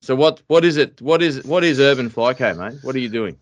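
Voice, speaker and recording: A man's voice: mid-range voice, expressive, fairly quick, no room sound. An Australian man hosting a podcast, talking in a laid-back, joking way with lots of fillers. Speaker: podcast host. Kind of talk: casual interview chat.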